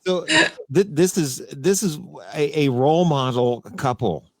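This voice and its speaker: A man hosting a casual video call chat, speaking in a relaxed, hesitant way. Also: fairly high pitch, unhurried, dry recording. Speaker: host.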